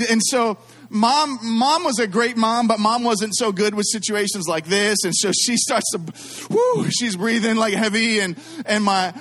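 A middle-aged man preaching to a congregation, telling a story full of asides and jokes aimed at the crowd. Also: high voice. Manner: animated, self-deprecating, jokes with the audience. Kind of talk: storytelling sermon.

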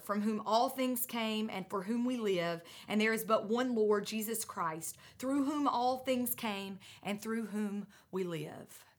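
A woman preaching a sermon, out of breath, earnest and emphatic, moving between loud urging and hushed lines. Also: mid-range voice.

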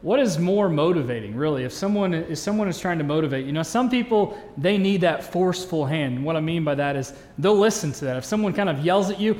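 Brisk and animated, a man in his thirties with a high, slightly mellow voice delivers a sermon with few pauses. He's a pastor, earnest yet conversational, tossing in jokes as he goes, and the church hall around him echoes.

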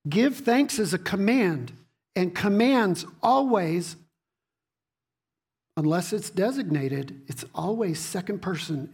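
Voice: medium pitch, a little mellow, slightly rough. A preacher giving a sermon to a congregation, reading scripture and asking rhetorical questions. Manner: teaching, rhetorical questions, repeats words; reads scripture aloud to a congregation.

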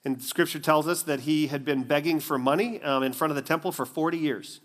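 Animated high-voiced male preacher. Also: fairly quick. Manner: animated storytelling, acts out the scenes. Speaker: pastor. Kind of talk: sermon.

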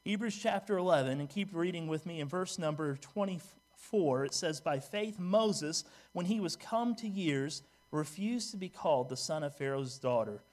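A man's voice: a little high, expressive, moderate pace, hardly any pauses, a little mellow. A man preaching a sermon in a church, reading scripture aloud and talking to the congregation in a conversational way, asking them questions and making joking asides. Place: church sanctuary.

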